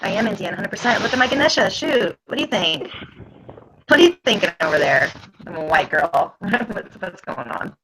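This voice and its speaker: A woman drops into a livestream as a guest and trades sarcastic, teasing banter. Her voice is bright and husky with some gravel, and her pitch swoops up and down. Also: very animated, moderate pace, low-quality recording. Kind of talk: casual livestream chat.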